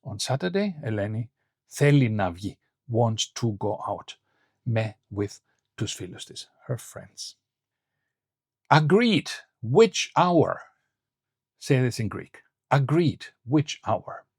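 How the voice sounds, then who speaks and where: Male language teacher, mid pitch, dry close mic, clear slow phrasing. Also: very animated, dry recording. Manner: clear, slow model phrases with quiz prompts. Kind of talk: online language lesson.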